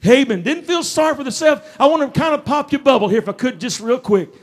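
A man preaching a fervent revival sermon, swinging between shouts and hushed asides. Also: very high-pitched, lively intonation, quick pace. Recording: taped sermon.

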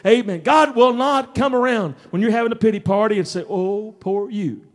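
High-voiced preacher, impassioned. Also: male voice, fairly quick. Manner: impassioned, swings from shouting to hushed asides, chuckles often. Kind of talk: fervent revival sermon. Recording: taped sermon.

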